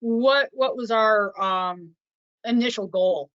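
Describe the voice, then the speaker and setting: A woman on a sheep producers' panel speaking haltingly with frequent ums over a video call. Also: fairly high pitch, no echo. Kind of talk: casual panel talk. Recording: dull, dry video call audio.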